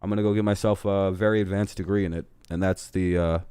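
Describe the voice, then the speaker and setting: A man's voice: sits low, steady tone, fast talker, warm tone, clean tone, no echo, clean studio sound. A man hosting a live stream, chatting casually and profanely in a rambling, self-deprecating way while a game plays. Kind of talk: casual chat over a game broadcast.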